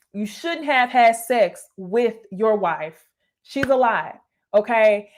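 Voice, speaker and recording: Laughing, blunt young woman with a high voice. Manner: laughs often, blunt and profane, keeps adding "okay?"; addresses viewers directly as "y'all". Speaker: YouTuber reviewing a reality dating show. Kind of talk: casual reaction commentary.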